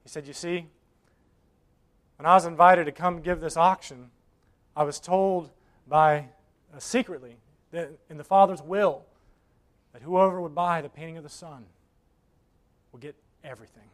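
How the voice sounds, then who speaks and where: A male preacher telling a story in a sermon, swinging between loud bursts and near whispers and acting out the voices of the people in it. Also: on the high side, fairly even intonation, normal speed, long pauses. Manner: acts out voices in his stories.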